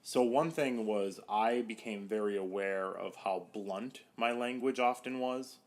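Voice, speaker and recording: A young man with a fairly low voice talks through his work as a counselor in a relaxed podcast chat. He leans on "like" and "you know" all the time. Now and then he acts out the voices he quotes. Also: unhurried. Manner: chatty, many "like" fillers, acts out quoted voices. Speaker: podcast guest, psychotherapist. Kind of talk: casual podcast conversation.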